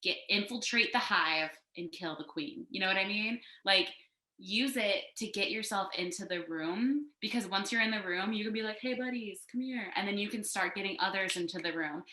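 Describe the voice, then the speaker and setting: Woman, animated casual chat, bright voice, echoey room, video call. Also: mid-range voice, normal speed. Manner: animated, talkative, frequent "like" fillers. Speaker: co-founder and co-host of a design panel. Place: home, sitting on a couch.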